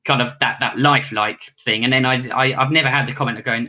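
A ventriloquist talks casually about his work in a bright, forceful voice. He rambles and restarts his sentences often, as if thinking aloud. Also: mid-range voice, steady tone, fairly quick. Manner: rambling, with many restarts and self-corrections. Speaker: ventriloquist and magician. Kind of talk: casual interview answers.

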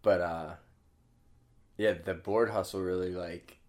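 A man's voice: low voice, fairly even intonation, slow, darkish tone. A young man casually telling his life story as a podcast guest, laughing often and swearing freely.

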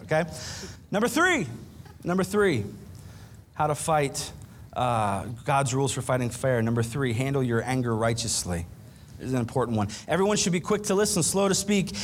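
A man preaching a sermon in a church, easygoing and humorous, talking to the congregation as if in conversation. His voice sits a little high for a man. A faint rumble runs under the recording. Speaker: pastor.

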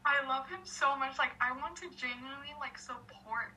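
A young woman in casual conversation, telling an excited story packed with filler words and quoted lines. Her voice sits high and bright. She sounds somewhat distant from the mic, with a faint hiss underneath. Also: moderate pace. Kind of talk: casual chat.

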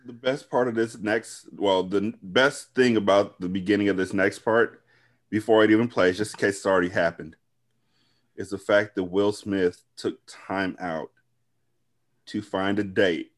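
A man's voice: lowish voice, steady tone, unhurried. A man co-hosting a podcast in casual chat, wryly recounting events step by step with blunt profanity. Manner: wry storytelling recap with blunt profanity. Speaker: podcast co-host.

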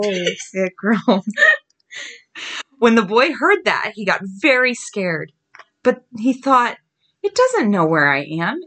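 Lively woman reading scary stories. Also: medium pitch. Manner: lively, giggly, groans the ghost's lines slowly. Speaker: podcast host. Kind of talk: reading scary stories aloud to her daughter.

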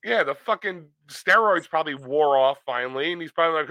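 A man's voice: a little high, expressive, a little fast, pushed and bright, no room sound, rough recording. A man co-hosting a podcast in casual chat, joking and swearing freely. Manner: profane, joking wrestling talk. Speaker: podcast co-host.

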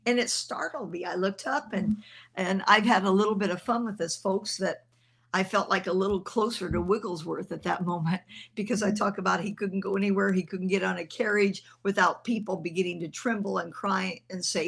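Gravelly older woman minister telling a testimony. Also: medium pitch, fairly even intonation, moderate pace. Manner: conversational and earnest, with fillers. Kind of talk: testimony storytelling.

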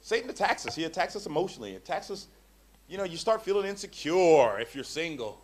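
A man preaching a sermon to a congregation, animated and joking, acting out the voices of the people in his stories. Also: on the high side, fast. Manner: animated, acts out quoted voices.

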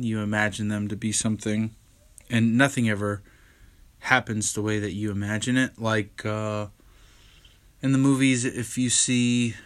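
A young podcast host with a lowish, slightly bright voice chats casually and candidly about his week on his solo show. He sounds tired, yawns, and rambles with plenty of fillers and restarts.

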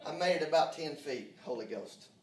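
A man's voice: a little high, animated, normal speed, a little hiss or hum. A man preaching a sermon in a folksy, fervent way, with frequent amens. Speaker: pastor. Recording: roomy echo, distant from mic.

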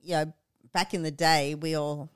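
A woman's voice: deep voice, level tone, normal speed, smooth, no room sound, clean studio sound. A middle-aged woman with an Australian accent, chatting as a guest on a podcast and explaining things at length. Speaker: guest, co-host's mother. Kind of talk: casual podcast chat.

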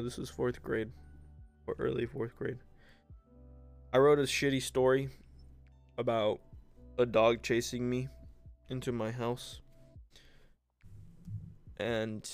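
In a loose, joking style, this young man shares childhood stories on his own podcast as a solo storyteller, addressing the listener as bro and imitating the people he describes. He's a content creator with a clean, mid-range voice.

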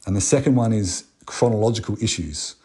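An Australian man preaches in a relaxed, conversational way, moving between Bible readings and plain talk. His voice sits low and sounds mellow and dark. He fills pauses with small ums and restarts. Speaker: pastor. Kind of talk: sermon.

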